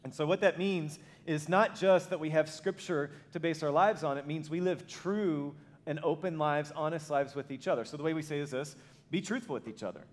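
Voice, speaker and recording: A man preaching as pastor alongside his wife, telling stories in an animated way. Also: fairly high pitch, normal speed, hardly any pauses. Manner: animated storytelling, acts out voices. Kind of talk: sermon with spouse. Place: church auditorium.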